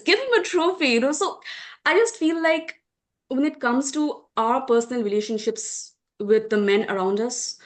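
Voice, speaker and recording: Young woman, fervent book-club speaker, fairly high voice, stumbles and restarts. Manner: emotional, fervent, many restarts. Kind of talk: impassioned discussion.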